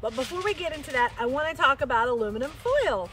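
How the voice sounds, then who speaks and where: A woman's voice: high-pitched, very animated, fast talker, a bit bright, a little hiss or hum. A middle-aged woman, a campground host, cheerfully explaining an outdoor cooking demonstration step by step outdoors. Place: outdoor campground by a fire pit.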